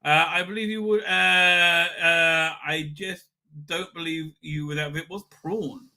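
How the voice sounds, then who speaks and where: A middle-aged man hosts a casual livestream, chatting off the cuff with his viewers. His voice is very bright and sits slightly high. He rambles through comments, full of fillers and restarts, with an irreverent streak. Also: fairly even intonation, slow, vocal fry. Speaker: livestream host. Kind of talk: casual live chat reading viewer comments.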